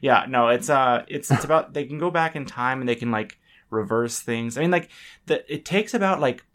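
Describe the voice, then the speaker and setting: A man's voice: mid-range voice, normal speed, fairly bright tone. A young man hosting a casual podcast, who rambles, interrupts himself and laughs often. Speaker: podcast host.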